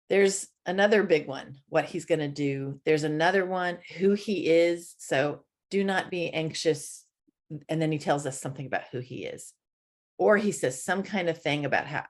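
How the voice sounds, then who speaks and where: A woman preaching a conversational sermon, chatty and quick to laugh. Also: on the low side. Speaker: church speaker.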